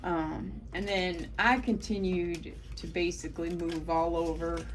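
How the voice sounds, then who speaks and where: A woman with a Southern US accent does a solo tarot reading, speaking in a lowish voice at an unhurried, drawn-out pace. She is blunt and swears freely, talking straight to her viewers as Collective. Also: steady tone, loud music behind the voice. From United States. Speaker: tarot reader.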